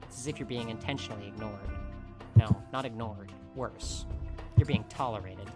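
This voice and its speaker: A man's voice: lowish voice, moderate pace, music in the background. A man hosting a let's play, reading game narration aloud and breaking off to joke. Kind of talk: narrating a visual novel aloud.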